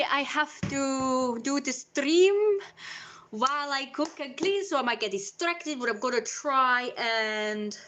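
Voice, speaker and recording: A high-pitched woman chats on a live stream in a theatrical persona, her voice leaping all over the place. She talks slowly and unhurriedly, trying on different accents and now and then dropping into a breathy whisper. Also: a bit bright. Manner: theatrical and playful, slips in and out of put-on accents.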